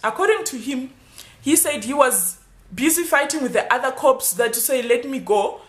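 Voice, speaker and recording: Animated high-voiced woman telling a story. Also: normal speed, echoey room. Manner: animated, acts out the dialogue. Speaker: YouTuber. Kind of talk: storytime vlog.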